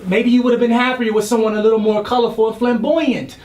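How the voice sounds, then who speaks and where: A woman's voice: fairly high pitch, fairly even intonation, fast talker, a little mellow, natural voice. A young woman acting a proper, dignified young husband who is a lawyer, with dry, sarcastic patience. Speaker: acting student. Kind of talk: scene study stage acting.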